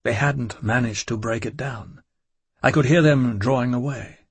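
A man narrates a gothic novel in the first person with a measured, dramatic delivery. His voice sits at an ordinary pitch with a husky grain. It sounds close and dry, with no room echo. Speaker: audiobook narrator.

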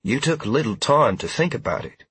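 A man voicing a calm young woman with a dry sense of humor who speaks formally, in an audiobook. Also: medium pitch, normal speed, husky, no echo, pitched above the performer's own voice, exaggerated voice. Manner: formal, without contractions.

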